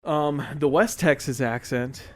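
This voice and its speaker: A young man co-hosting a podcast, talking in a relaxed, rambling way with lots of fillers. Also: fairly high pitch, unhurried. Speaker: podcast co-host. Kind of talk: casual chat.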